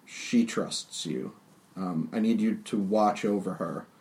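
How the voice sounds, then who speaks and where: A man voicing a grave, solemn old village elder in a tabletop game, speaking in a measured way. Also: lowish voice, darkish tone, distant mic. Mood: earnest.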